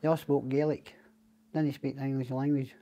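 Scottish male guest, mid-pitched, rambling and profane, casual storyteller. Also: little pitch movement, moderate pace, dark tone. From Scotland. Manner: rambling, swears a lot. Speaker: podcast guest.

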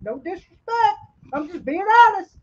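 A woman's voice: extremely high pitch, sing-song, normal speed. A woman co-hosting a wrestling podcast, ranting bluntly with lots of swearing. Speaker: podcast co-host. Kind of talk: profane wrestling podcast rant. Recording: dull lo-fi podcast audio.

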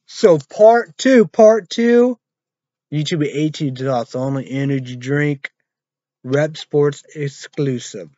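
A man's voice: fairly high pitch, takes it slowly, dark tone, dry recording, dull audio. A man rambling and swearing through a casual vlog, trailing off into mumbles. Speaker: vlogger reviewing an energy drink.

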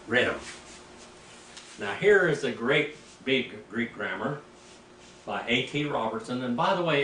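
An older man, a preacher, teaching Greek in a rambling, anecdotal way, clearing his throat now and then. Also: medium pitch, fairly bright tone. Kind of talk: informal teaching sermon. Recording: echoey room, mic at a distance, faint background noise.

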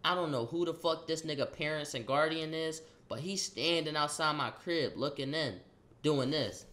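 A young man casually telling a story in slang, acting out the quotes loudly. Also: a little high, moderate pace. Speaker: vlogger.

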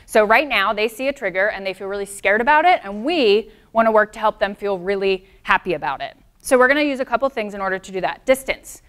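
Smooth-voiced woman teaching a dog seminar. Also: mid-range voice, animated, quick pace, few pauses, a bit bright. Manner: friendly, explanatory, answers audience comments. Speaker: dog trainer. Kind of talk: presenting a live seminar.

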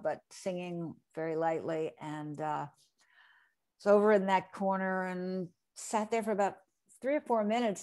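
A woman's voice: mid-range voice, a little mellow. A woman in her sixties from New Jersey, a guest in a casual interview, telling a long anecdote and acting out the people she quotes. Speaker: interview guest, re-recording mixer.

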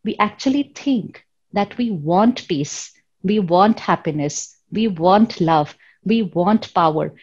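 A woman giving a spiritual talk on peace in a calm, measured way. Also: medium pitch, lo-fi sound. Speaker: spiritual teacher.

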